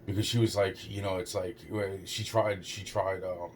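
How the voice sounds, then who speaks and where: A man's voice: low-pitched, fairly even intonation, normal speed, slight background noise. A young man rambling through a personal story, stumbling over his words, repeating "it's like" and swearing a lot. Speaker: storyteller recounting a personal experience.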